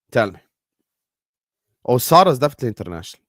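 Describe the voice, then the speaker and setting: A man whose first language is Arabic chats casually on a live football watchalong, joking and teasing his viewers. His mid-pitched voice swings lively up and down, and it sits dry and close with no room sound. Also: a little fast, pauses often, no echo. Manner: joking, banters with chat. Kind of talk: casual live-stream chat.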